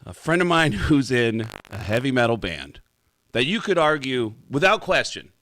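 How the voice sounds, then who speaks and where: Bright-voiced man spinning a comic story. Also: mid-range voice, moderate pace, no room sound. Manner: animated storyteller with frequent restarts. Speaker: comedian guest. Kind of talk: radio talk show storytelling.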